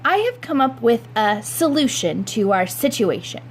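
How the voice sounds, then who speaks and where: A determined suburban mother from a read-aloud storybook speaks in brisk, commanding tones, voiced by a woman reader. She sounds lifted and bright against the narration. Her orders leave no room for argument. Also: a little high, sing-song, slight background noise. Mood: firm.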